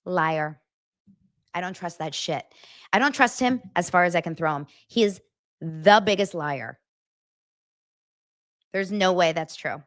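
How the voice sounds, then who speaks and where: A woman's voice: on the low side, normal speed, fairly bright tone, no room sound, clean studio sound. A woman hosting a celebrity gossip show, chatting casually to her viewers, emphatic and incredulous, often repeating herself. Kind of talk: casual chat to camera.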